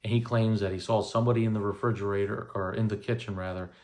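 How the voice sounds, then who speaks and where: A man's voice: fairly low pitch, fairly even intonation, fast, darkish tone. A man in his thirties casually telling a personal story, rambling with many fillers and restarts. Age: 30s.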